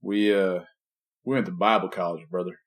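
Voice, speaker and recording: A man's voice: deep voice, fairly even intonation, moderate pace, noisy background. A man co-hosting a casual podcast over a call, rambling and joking, often trailing off mid-sentence. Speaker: podcast co-host. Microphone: remote video call.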